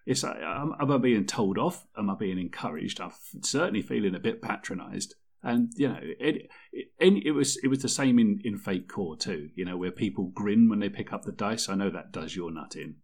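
A man's voice: lowish voice, lively intonation, moderate pace, creaky, hardly any pauses, a little mellow. A man co-hosting a casual chat about tabletop games, rambling and sardonic, often mock-quoting things in silly voices. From Britain. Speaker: podcast co-host.

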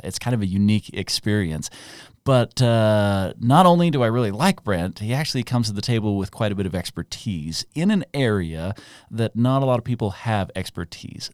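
A middle-aged man hosting a podcast interview in a relaxed, rambling way. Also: fairly low pitch, no echo, clean studio sound. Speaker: podcast host.

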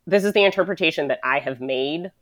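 A woman's voice: low voice, fast, dry recording. A woman from the United States in a casual, reflective conversation, rambling and full of "like", swearing now and then.

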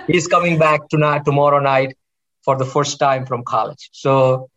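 A middle-aged man with a gravelly voice chats as a guest, telling long stories about his work and family. He restarts his sentences often and speaks in a relaxed, unscripted way. The sound is a little dull and lo-fi. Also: on the high side, measured pace. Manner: rambling, warm storytelling with restarts. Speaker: interventional cardiologist guest. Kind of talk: casual interview chat.

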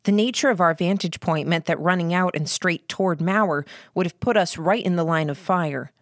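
Reading a novel for an audiobook, a woman with a fairly low voice keeps her scripted narration steady and even at a normal speed. The studio-quality recording is dry.

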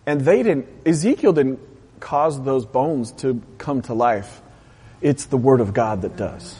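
A pastor preaching a lively, impassioned sermon, then dropping into a soft, quiet prayer. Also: male voice, mid-range voice, unhurried, husky. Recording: long hall reverb.

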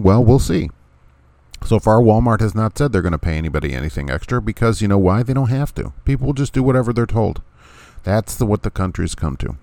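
A man's voice: on the low side, lively intonation, fairly quick, creaky, dark tone, no room sound. A man hosting a podcast, talking bluntly and sarcastically, hammering his points home with repetition. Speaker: podcast host. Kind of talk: casual opinion podcast.

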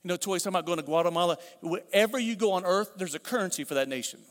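A man's voice: high-pitched, very fast. A middle-aged man preaching a sermon as pastor, conversational, with repeated phrases and asides. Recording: long hall reverb.

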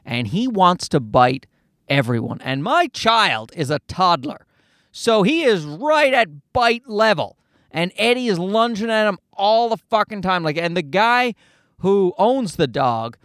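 A high-voiced man riffs through a casual comedic monologue. He swears freely, rants, and leaps from tangent to tangent. His pitch is very lively, and the recording is dry and close. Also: dry recording. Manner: profane, ranting, jumps between tangents.

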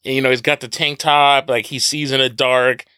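A man co-hosting a casual film review podcast, animated and joking, with playful mock impressions. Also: medium pitch, moderate pace, clear, resonant tone, dry recording, clean studio sound. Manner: animated, laughs often, does mock impressions. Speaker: podcast co-host.

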